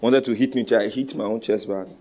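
A male pastor with a Nigerian accent preaching a sermon, commanding and animated, switching between loud exhortation, low asides and call-and-response with his congregation. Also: brisk, highs cut off.

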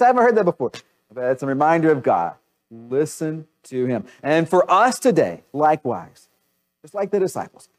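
A male pastor preaching a sermon, animated, slipping into a raised voice when he mimics doubters. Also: on the high side.

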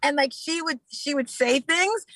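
Bright, high-voiced young American woman. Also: a little slow, no room sound, low-quality recording. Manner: bubbly, effusive. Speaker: guest. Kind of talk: casual chat.

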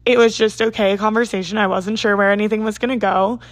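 A young woman chats through a personal story in a casual, rambling way, leaning on "like" as she goes. Her voice sits in a middle pitch range. The sound is close and dry, with no room echo. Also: steady tone, quick pace. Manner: chatty, says "like" a lot. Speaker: vlogger.

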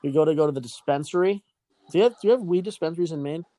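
A man's voice: fairly high pitch, very fast, warm tone, no room sound. Young male podcast host, casual and profane, rambling storyteller with a dry, close sound.

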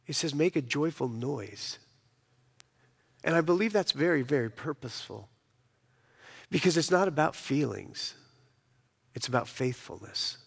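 A male pastor preaching a sermon, swelling into emphatic lines and dropping to quiet asides. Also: on the high side, expressive, moderate pace, vocal fry, pauses often, slightly rough, big-room sound.

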